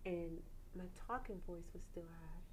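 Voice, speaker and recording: A woman guest singer telling a story in a conversation, lively and animated, laughing often and acting out what people said. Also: on the low side, unhurried, a little hiss or hum, poor audio.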